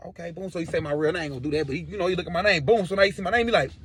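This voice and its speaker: A young man telling a story from his past in a slangy, animated way, acting out what other people said. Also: high-pitched, racing, hardly any pauses, slightly rough. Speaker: storyteller vlogger.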